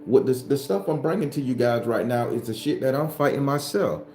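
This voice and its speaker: A man's voice: medium pitch, lively intonation, a little fast, darkish tone, echoey room. A man hosting a spiritual livestream, talking bluntly and profanely to his viewers in a casual, preachy way.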